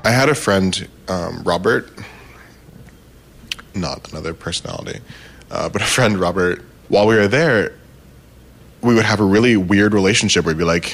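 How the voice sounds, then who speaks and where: A man's voice: low-pitched, normal speed, long pauses, a bit bright, slight background noise. A man telling a personal anecdote casually, rambling with many fillers and laughing at himself. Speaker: storyteller.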